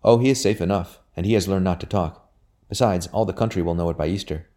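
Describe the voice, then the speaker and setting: A man voicing an eager young gentleman who talks in an urgent, confiding way. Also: low voice, fast talker, natural voice. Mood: hushed.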